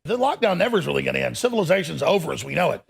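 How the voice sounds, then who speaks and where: A middle-aged man hosting a live show, ranting angrily in a gravelly, raspy voice. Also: on the high side, big pitch swings, very fast. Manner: angry, shouting rant. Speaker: talk show host.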